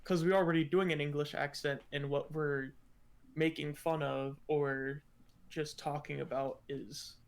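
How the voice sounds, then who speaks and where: A man's voice: on the high side, fairly even intonation, unhurried, creaky. A man co-hosting a podcast, chatting casually in a rambling way and laughing often. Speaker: podcast co-host. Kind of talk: casual chat.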